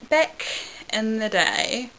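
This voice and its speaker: A woman's voice: on the high side, animated, very slow, sharp tone, poor audio. Wry, self-mocking woman reading aloud. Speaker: video creator. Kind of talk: comic dramatic reading of her own childhood fan fiction.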